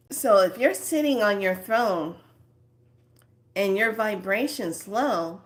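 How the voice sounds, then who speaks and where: Woman doing a slow spiritual pep talk, drops into whispers now and then, unhurried, mid-pitched. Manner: slow, drifting between soft whispers and lively acted asides. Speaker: spiritual self-help speaker. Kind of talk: motivational talk to viewers.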